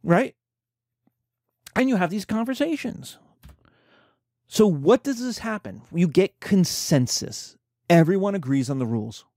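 Male lecturer, mellow and animated storyteller, dry recording. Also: sits high, normal speed, no echo. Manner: animated storytelling, acting out characters. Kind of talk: informal lecture.

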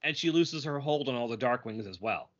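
A man co-hosting a podcast in a casual chat, animated, quipping and reading lines aloud. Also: mid-range voice, a little fast, highs cut off. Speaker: podcast co-host.

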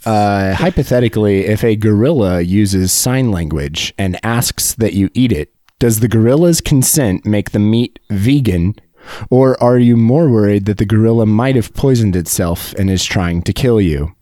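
A man's voice: lowish voice, expressive, moderate pace, mellow, dry recording, clean studio sound. A man hosting a casual group chat, laid-back, laughing often and swearing freely. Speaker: podcast host.

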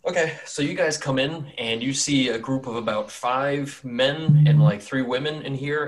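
A man's voice: medium pitch, fairly bright tone. A man running a tabletop game as dungeon master. He narrates loosely and casually, rambling with plenty of fillers, in a mid-range voice.

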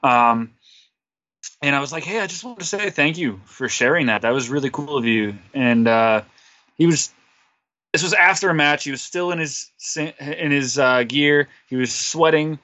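A man's voice: fairly high pitch, normal speed, sharp tone, no room sound, lo-fi sound. A man on a podcast as a guest, telling a rambling, self-deprecating story full of fillers. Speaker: podcast guest, wrestler and musician. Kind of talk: casual interview storytelling.

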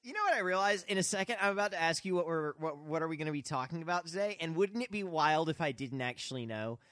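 A man's voice: on the high side, expressive, fast, a bit bright, no echo, studio quality. A man co-hosting a casual podcast chat, goofy and playful, often laughing as he talks. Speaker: podcast co-host.

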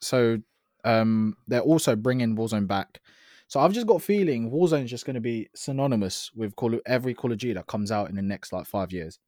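A man's voice: mid-range voice, fairly quick, darkish tone, no room sound. Chatty young man, dry sound. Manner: chatty, enthusiastic, slangy. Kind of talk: casual gaming chat.

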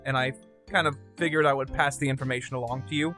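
A man's voice: mid-range voice, fairly even intonation, quick pace, bright, forceful tone, soft background music. A man playing a tabletop game character in an overly polite, formal way, hesitating with frequent ums. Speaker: player. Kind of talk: in-character tabletop role-play.

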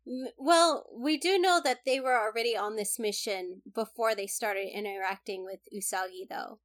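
A woman's voice: mid-range voice, normal speed, fairly bright tone. A woman co-hosting a casual podcast, giving opinionated takes and often restarting her words. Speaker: podcast co-host. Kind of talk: casual chat about an anime.

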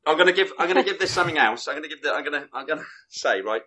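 A man in casual chat, rambling excitedly through a film plot with bursts of laughter. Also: a little high, very fast, slight background noise. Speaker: film reviewer guest.

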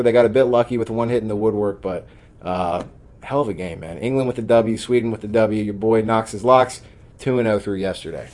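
A man's voice: mid-range voice, normal speed, darkish tone. A man hosting a sports betting podcast in casual chat, brash and joking as he hypes his own picks. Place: studio office.

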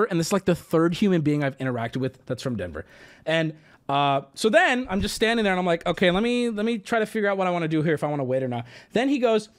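Animated, high-voiced male storyteller. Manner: animated, profane, acts out both sides of the exchange. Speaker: streamer telling a story. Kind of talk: casual storytelling.

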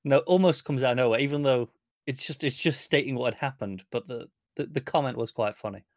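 A man co-hosting a podcast, talking in a measured, thoughtful and agreeable way during casual chat. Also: mid-range voice, dry recording, clean studio sound. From United Kingdom. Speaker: podcast co-host.

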